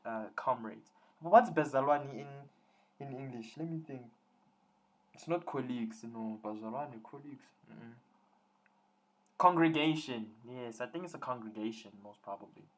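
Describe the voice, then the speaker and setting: A young man tutoring students on a live online call, teasing and joking with them as he works through examples. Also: fairly high pitch.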